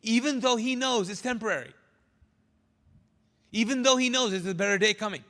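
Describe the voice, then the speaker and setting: A man preaching a sermon as pastor, animated and drawing answers out of his congregation. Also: sits high, brisk, in a large hall. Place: church sanctuary.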